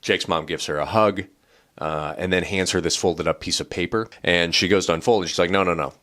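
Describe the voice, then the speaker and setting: A man's voice: low-pitched, a little fast, a bit bright. A man retelling a novel's plot in a casual book review. He talks in a loose, chatty way, with a lot of "like" and some swearing.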